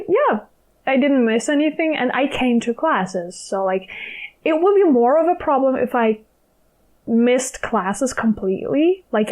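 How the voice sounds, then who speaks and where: A woman's voice: fairly high pitch, darkish tone, low-quality recording. A young woman from Ukraine, a podcast guest chatting casually, with frequent laughs and fillers. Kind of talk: casual chat.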